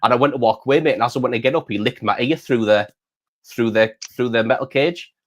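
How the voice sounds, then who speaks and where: A man's voice: medium pitch, fast talker. A man, hosting and telling a long story in casual chat, repeating words and calling the listener mate. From England. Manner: rambling, repeats words, says "mate" often. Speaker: channel host.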